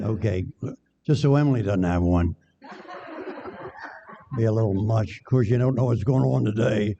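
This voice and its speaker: A man's voice: mid-range voice, creaky, warm tone, slightly rough. An older man, a guest preacher giving a chatty, joking sermon and bantering with the congregation in a church sanctuary. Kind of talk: folksy sermon with jokes. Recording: dull echoey church recording.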